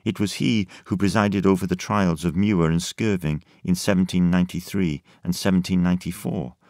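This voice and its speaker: A man narrating an audiobook in a measured, deliberate scripted reading. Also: sits low, darkish tone, no echo, studio quality.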